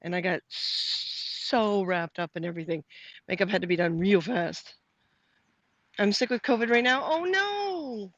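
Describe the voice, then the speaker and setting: Walking outside to the post office, a middle-aged woman from Canada livestreams a casual chat, wandering between thoughts, frequently starting over and reading out replies to viewers' comments. She speaks at normal speed in a lowish voice. There's no echo, and the highs are cut off.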